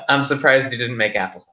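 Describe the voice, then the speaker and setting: A man's voice: mid-range voice, pushed and bright. Male player, wry and joking, slightly dull recording. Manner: wry, laughs at his own jokes. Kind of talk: casual tabletop role-play.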